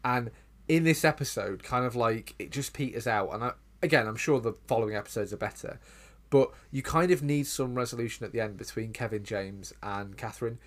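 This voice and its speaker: Animated man reviewing a sitcom. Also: fairly quick. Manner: animated, jumps into high mocking voices. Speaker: podcast co-host. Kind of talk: casual chat.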